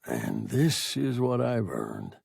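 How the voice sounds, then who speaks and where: A man reading a gruff tough space captain. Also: medium pitch, wildly swooping pitch, takes it slowly, no echo, clean studio sound, full character voice. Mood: bitter. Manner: firm, trying to sound soft.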